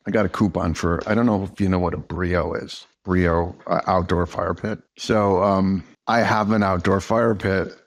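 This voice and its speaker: A man, a negotiation trainer, talking casually as a podcast guest, rambling with restarts and fillers and acting out the people in his stories. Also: on the low side. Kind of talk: casual conversational storytelling.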